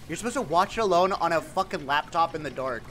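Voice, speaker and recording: A man streaming a game live, chatting playfully with his viewers, swearing freely and breaking into sudden excited outbursts. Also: fairly high pitch, fast, a little hiss or hum. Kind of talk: casual game livestream chat.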